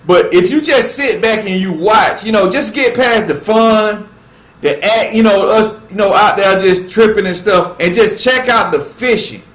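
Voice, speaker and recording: A man with a high voice hosts a live stream in a loose, slangy way and keeps tossing in "man." He sounds like he is in a roomy, echoey space. He reads the chat as he talks. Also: normal speed, fairly bright tone. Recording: echoey room.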